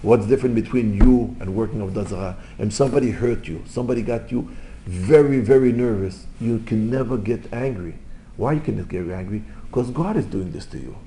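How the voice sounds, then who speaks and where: Male rabbi, storytelling lesson in broken English, big swings from loud to hushed, faint background noise. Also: fairly low pitch, a little fast. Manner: animated storytelling, swings between loud exclamations and quiet asides; non-native English with Hebrew terms. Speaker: rabbi teaching. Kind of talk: informal Torah lesson with stories.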